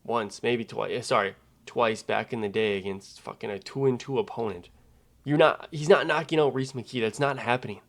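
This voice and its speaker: Man, fight predictions, swears a lot, animated rant, mid-pitch voice. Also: fairly quick. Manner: profane, animated, ranting. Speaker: MMA betting analyst. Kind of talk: casual fight breakdown.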